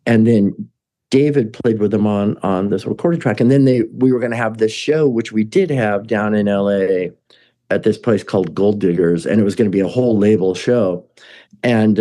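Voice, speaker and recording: A man's voice: lowish voice, mellow. A man guest telling a long, chatty story with lots of fillers, restarts and laughs. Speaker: musician guest. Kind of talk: casual rambling storytelling.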